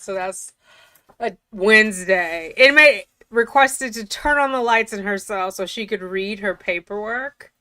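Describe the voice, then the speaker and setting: A woman's voice: mid-range voice, unhurried, bright, forceful tone, no echo. A woman reading official documents aloud and breaking off for casual, incredulous commentary. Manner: chatty, incredulous, often laughing.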